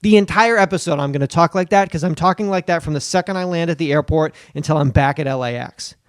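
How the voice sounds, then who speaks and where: A man on a comedy podcast, his voice sitting a touch high, riffing loosely and cursing freely. He keeps breaking into silly put-on voices. The mic is close and the sound is dry, with no room around it. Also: quick pace, smooth, no room sound. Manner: riffing, profane, slips into goofy put-on voices. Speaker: podcast co-host. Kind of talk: casual comedic banter.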